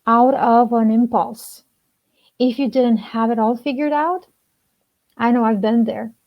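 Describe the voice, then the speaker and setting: A woman relationship coach speaking slowly and deliberately to camera, soft-spoken with long pauses, in a personal talk. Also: a little high. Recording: dull lo-fi sound.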